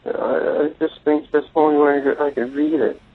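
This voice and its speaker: A man's voice: fairly high pitch, little pitch movement, a little fast. A male caller leaving a rambling, stumbling, pleading voicemail. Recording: muffled phone voicemail.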